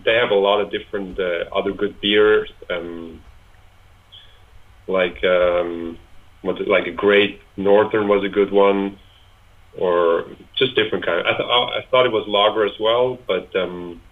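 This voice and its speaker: A man's voice: low voice, steady tone, measured pace. Young man on a tinny phone line. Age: 20s. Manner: hesitant, many fillers and restarts, laughs easily. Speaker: guest. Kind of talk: casual interview chat.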